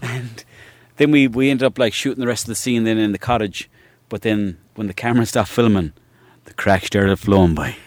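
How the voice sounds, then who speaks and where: An Irish comedian, here as a guest, spins loose, rambling anecdotes in casual conversation, cursing freely and laughing along the way. His voice is lowish and darkish, a little quick, with no room sound at all.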